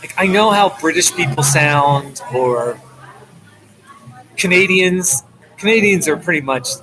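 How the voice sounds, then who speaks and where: Audio is rough in this live stream, where an American vlogger from the New York and New Jersey area chats and rambles from a coffee shop, laughing frequently. He speaks on the high side and records through a laptop held up in his hand.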